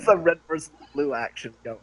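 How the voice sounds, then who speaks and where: A man's voice: fairly high pitch, expressive, brisk, fairly bright tone. A man playing a tabletop game, chatty and jokey, laughing often. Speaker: player. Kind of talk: casual game talk.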